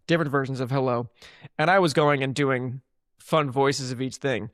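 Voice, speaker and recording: A man's voice: mid-range voice, fairly even intonation, moderate pace, fairly bright tone, dry recording. A man in his thirties co-hosting a podcast, telling wry stories in casual chat and acting out bits in silly voices. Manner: wry storyteller, dry jokes, acts out bits in silly voices. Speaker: podcast co-host.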